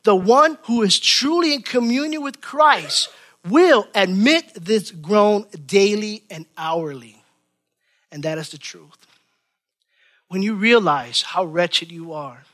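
A male preacher with a high, bright voice delivers a sermon. He preaches with passion, repeating phrases and moving between raised cries and soft, low passages. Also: slow pace. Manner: impassioned, repeats phrases, swings between loud and hushed.

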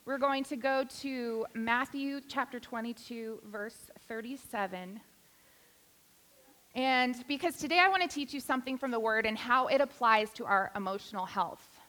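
A woman delivers a sermon in a church sanctuary, mixing teaching with playful, self-deprecating jokes. Her voice is bright and sharp, set a little higher than average. She speaks directly to the congregation, easy and personable. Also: normal speed. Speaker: guest preacher.

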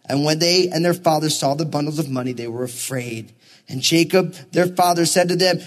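A man's voice: a little high, moderate pace, long reverb tail. A man preaching a sermon as pastor, reading scripture and acting out people's words. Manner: preaching with Bible readings, voicing characters in asides.

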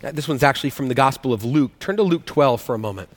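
A male pastor preaches fast and animated in a mid-range voice, keeping the sermon conversational. He often restarts sentences and poses questions to the congregation, all in a long hall reverb.

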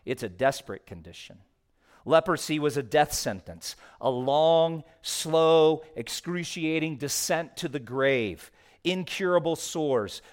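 A male pastor delivers a sermon in a somewhat high voice. He shifts between quiet, low passages and raised, emphatic ones. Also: clean tone. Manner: expressive preaching, swinging from hushed to raised.

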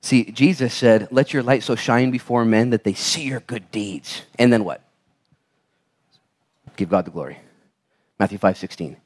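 A man preaching a sermon as pastor in a church, animated and storytelling, swinging from hushed intensity to loud exclamations. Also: mid-range voice, normal speed, long pauses. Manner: storytelling, acts out quoted dialogue.

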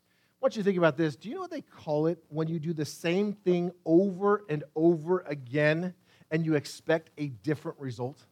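Male pastor with a high voice, impassioned sermon delivery, drops to near-whispers for emphasis. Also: expressive. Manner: impassioned, swings from loud pleas to hushed near-whispers; reads scripture aloud with dramatic pauses.

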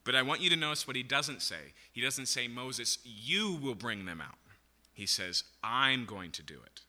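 Bright-voiced preacher man in a reverberant hall. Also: mid-range voice, moderate pace. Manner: animated Bible teaching, frequent "okay?" and "right?". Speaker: pastor. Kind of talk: sermon.

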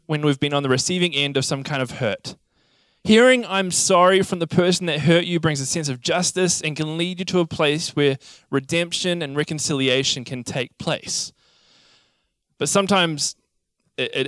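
A young man preaching a sermon, telling childhood stories in a lively, animated way. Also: fairly high pitch, no room sound, studio quality. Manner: animated storytelling, acts out childhood scenes. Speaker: pastor.

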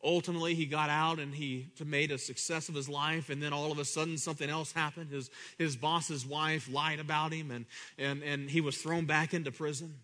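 Man preaching, sermon, animated delivery, bright tense voice, fairly high pitch. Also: a little fast, hardly any pauses. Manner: animated, swings between loud high bursts and low quiet asides; repeats words, acts out voices of the people in his story.

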